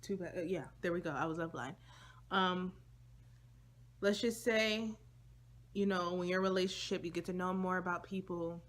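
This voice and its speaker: A woman's voice: lowish voice, level tone, normal speed, a little hiss or hum. A young woman vlogger telling a personal story to her viewers in a casual, slangy, chatty way.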